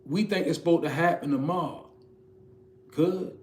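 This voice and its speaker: A man delivers a spiritual message like a preacher, rising and pressing on his points in a rhythmic, emphatic way. His voice sits a little high, with quick soft asides dropped in. He is recorded in an echoey room. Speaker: spiritual reader.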